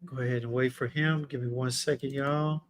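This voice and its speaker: A man's voice: mid-range voice, fairly even intonation, normal speed, a little hiss or hum. A laid-back man hosting a casual livestream fragrance review, chatting with his viewers in slang. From Texas.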